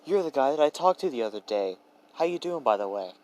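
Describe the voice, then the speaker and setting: A man voicing a playful, ancient male trickster god who teases and pouts in a breezy way. He speaks in a low voice. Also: steady tone, moderate pace, lightly acted, poor audio. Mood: teasing. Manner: teasing, pouty and breezy.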